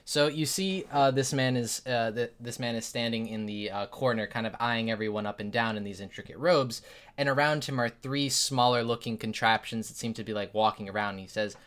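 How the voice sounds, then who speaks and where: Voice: medium pitch, a little fast, fairly bright tone. A game master narrating a tabletop game in a rambling way, with frequent laughter.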